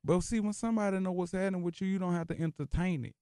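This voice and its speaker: Interviewed in a radio studio, this rapper talks very fast in a high-pitched, mellow, resonant voice, clear and free of echo. His manner is emphatic and philosophical, and he keeps repeating phrases such as "you hear me" to drive points home. It's captured on a studio microphone at studio quality.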